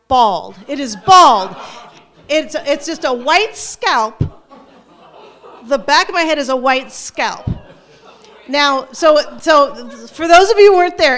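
A middle-aged woman telling a personal story to an audience, animated and self-mocking, often restarting her sentences. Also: sits high. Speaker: storyteller, former teacher.

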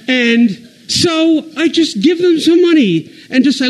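A man with a notably high voice tells a rambling stand-up story about his household. He mocks himself and keeps stumbling and restarting his sentences. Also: darkish tone, poor audio. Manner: rambling, self-deprecating, halting restarts. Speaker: comedian.

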